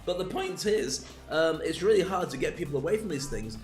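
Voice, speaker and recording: A man with a slightly high voice hosts a streamed talk to camera. He rambles playfully and drifts off into digressions while acting things out. The sound carries the echo of a bare room. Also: lively intonation, a little fast, soft background music. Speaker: host. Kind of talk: casual comedic talk to camera. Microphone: streamed from home, camera.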